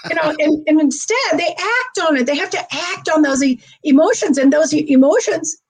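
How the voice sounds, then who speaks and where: High-voiced woman, lively storyteller. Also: fairly quick. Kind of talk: casual chat.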